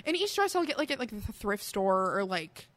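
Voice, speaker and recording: A woman's voice: medium pitch, sing-song, moderate pace, a bit bright. A woman co-hosting a podcast in casual chat, rambling and filling nearly every phrase with "like". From American Midwest. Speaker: podcast co-host.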